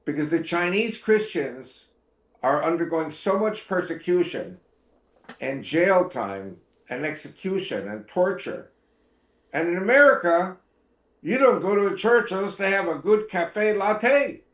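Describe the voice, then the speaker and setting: Israeli guy chatting earnestly, kinda wry, lots of uhs, slightly high voice, echoey room. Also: expressive, a little slow. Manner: earnest, wry asides, hesitant fillers. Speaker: guest. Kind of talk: casual interview talk.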